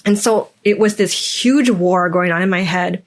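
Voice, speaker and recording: A woman's voice: lowish voice, unhurried. A young adult woman hosting a podcast, speaking candidly in a reflective personal monologue and acting out the voices in her stories. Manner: candid, acts out quoted voices. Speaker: podcast host.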